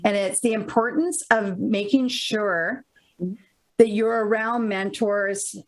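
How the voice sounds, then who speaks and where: A woman's voice: medium pitch, slow, low-quality recording. A woman co-host speaking earnestly and encouragingly in a podcast conversation.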